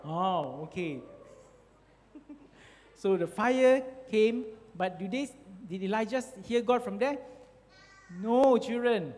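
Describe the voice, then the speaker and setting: A man telling a Bible story to children in a slow, expressive way, often asking them questions. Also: high voice, big-room sound, a little hiss or hum. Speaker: Sunday school storyteller.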